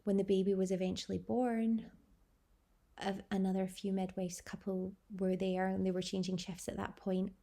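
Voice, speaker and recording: A woman's voice: mid-range voice, little pitch movement, normal speed, creaky, warm tone. A young adult woman hosting a vlog, telling her birth story in an effusive way, heaping on superlatives. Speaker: vlog host.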